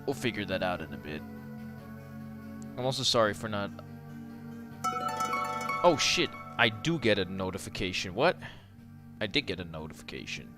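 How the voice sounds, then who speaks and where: A man's voice: fairly low pitch, big pitch swings, normal speed, pauses often, music in the background. A young man from the Netherlands commentating casually on his own game livestream, rambling, trailing off and restarting his sentences. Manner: rambling, trails off and restarts while fiddling with settings. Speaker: gaming streamer.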